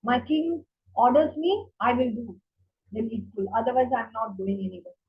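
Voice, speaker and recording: A woman putting on a wise, loyal minister who stands firm. Her voice is very husky and breathy. The recording is muffled and lo-fi. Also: on the high side, normal speed. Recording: dull lo-fi recording.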